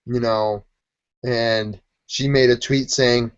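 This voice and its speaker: A man's voice: medium pitch, takes it slowly, no room sound, lo-fi sound. A man from Buffalo co-hosting a sports podcast, telling stories in casual chat and acting out quotes as he goes. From Buffalo, New York. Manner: rambling, animated storytelling with quoted voices.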